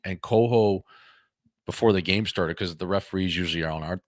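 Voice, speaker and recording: A man co-hosting a hockey podcast, telling casual, animated stories about his pro career and swearing freely. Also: sits low, fairly quick, no echo, clean studio sound. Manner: animated anecdotes with quoted voices, swears freely. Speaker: podcast co-host, former pro hockey player. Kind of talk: casual chat, storytelling.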